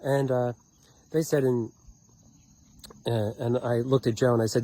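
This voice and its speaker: A man rambling through a personal story for his vlog, profane and full of fillers, acting out what people said and sometimes shouting. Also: medium pitch, unhurried, long pauses. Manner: animated, profane, many fillers and restarts; acts out quoted lines, sometimes shouting. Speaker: vlogger telling a personal story.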